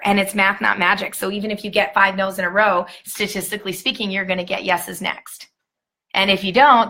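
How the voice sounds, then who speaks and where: A woman's voice: mid-range voice, creaky, bright, forceful tone. A woman training a new sales team on a live stream, talking in an emphatic, upbeat pep-talk way.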